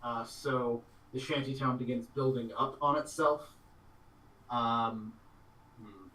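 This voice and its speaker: A man narrating as game master of a tabletop game, in a loose, halting way with many fillers and laughs. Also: medium pitch, steady tone, pushed and bright, roomy sound, recorded from a distance, low-quality recording.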